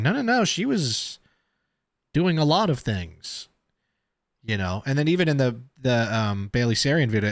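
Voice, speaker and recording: A man's voice: lowish voice, dry recording, clean studio sound. A man giving casual reaction commentary on a video, chatty and thinking aloud as he talks. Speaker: reaction streamer.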